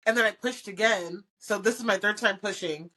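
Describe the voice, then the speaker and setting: A woman's voice: mid-range voice, fairly quick, breathy edge. Candid young woman telling a story. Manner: candid, animated quoted dialogue, frequent "like". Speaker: podcast host. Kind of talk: casual storytelling.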